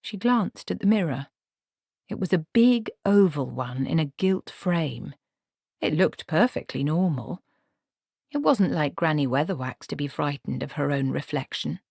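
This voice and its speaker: A woman narrating an audiobook with an expressive reading. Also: low-pitched, measured pace, creaky, husky, no echo, clean studio sound. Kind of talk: scripted narration.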